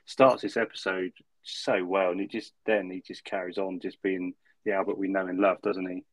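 A man's voice: low voice, little pitch movement, moderate pace, no echo. A man, co-hosting a casual podcast chat, chatty and swearing freely as he retells scenes. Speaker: podcast co-host.

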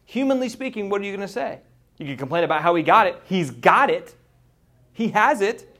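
Guy preaching a sermon, a bit high-pitched, animated, acts out little voices. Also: a little fast. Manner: animated, mimics voices, laughs.

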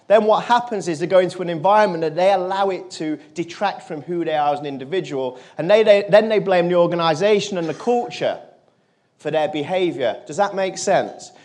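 A motivational speaker addresses a crowd. His voice sits fairly high for a man, and he talks earnestly, sinking low and quiet when he quotes other people. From England. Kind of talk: storytelling speech to an audience.

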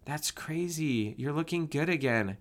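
Guy reading as a sad young woman, voice raised a bit, soft and low-key, storybook. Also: animated, a little slow. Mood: subdued. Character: grieving young woman, quiet and tearful.

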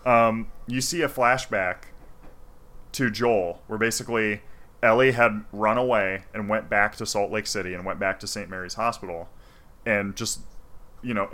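A man in casual chat, retelling a game's story in an animated, profane way. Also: on the low side, normal speed. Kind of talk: casual chat retelling a video game plot.

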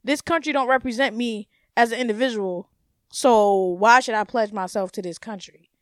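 A young woman hosting her own podcast, ranting in a blunt, profane, animated way and laughing often. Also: fairly high pitch, moderate pace, no room sound, studio quality. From United States. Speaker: podcast host. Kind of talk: casual solo podcast rant.

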